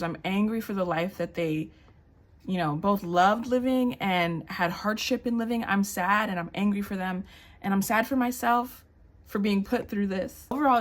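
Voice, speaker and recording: A woman talking casually in a reading vlog, chatty and expressive, with plenty of fillers and restarts. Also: medium pitch. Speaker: book vlogger.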